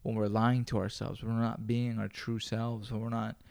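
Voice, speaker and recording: A man's voice: fairly low pitch, level tone, normal speed, gravelly, darkish tone. Male solo podcast host, casual, swears constantly, rambles. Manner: profane, rambling, loose.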